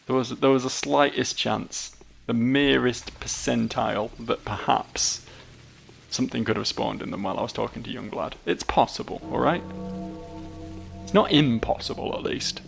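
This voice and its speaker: A man chatting casually over a video game, rambling and joking with mock-solemn asides. His voice is heavily gravelly, sitting at an ordinary pitch. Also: moderate pace, faint music behind. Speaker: let's play host.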